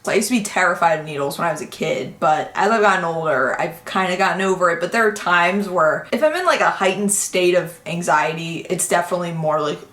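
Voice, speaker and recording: A woman vlogger telling a casual storytime, chatty and animated, with lots of "like" in her talk. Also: lowish voice, a little fast, few pauses, echoey room.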